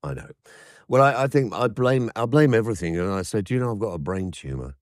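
A man's voice: on the low side, animated, quick pace, no room sound, studio quality. An older man co-hosting a casual home podcast with his wife, joking and hesitant, with many fillers. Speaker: podcast co-host. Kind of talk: casual chat.

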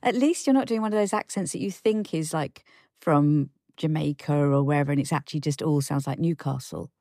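A woman's voice: low voice, fairly quick, dark tone, no echo, clean studio sound. Wry, teasing older woman. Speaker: podcast co-host. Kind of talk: casual chat.

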